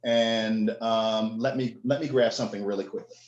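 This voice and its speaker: A man running a tabletop game as game master, explaining the rules at an unhurried pace with many fillers. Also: on the low side, steady tone, echoey room, highs cut off, a little hiss or hum.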